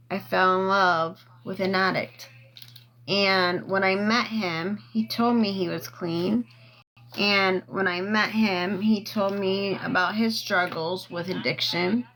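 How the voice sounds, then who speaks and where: A woman's voice: medium pitch, fairly even intonation, slow, a bit bright, low-quality recording. A woman chatting casually on a livestream, rambling through a personal story and asking viewers for gifts. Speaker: TikTok live streamer.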